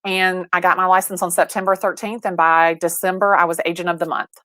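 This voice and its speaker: A cheerful, middle-aged woman with a somewhat low voice, telling stories in a bubbly, animated way. She acts out the other people's lines as she goes. Her voice is close and dry. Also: fairly quick, no room sound. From Atlanta, Georgia. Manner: bubbly, animated storyteller acting out dialogue. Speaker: real estate agent, guest. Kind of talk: casual storytelling interview. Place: video call from her home or office.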